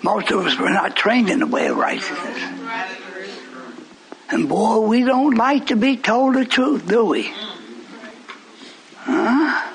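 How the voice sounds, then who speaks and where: A man preaching a sermon with fervent conviction, swinging between shouted declarations and hushed asides. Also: high-pitched, expressive, takes it slowly, pauses often, low-quality recording. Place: church service. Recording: live recording with congregation noise. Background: congregation calling out responses.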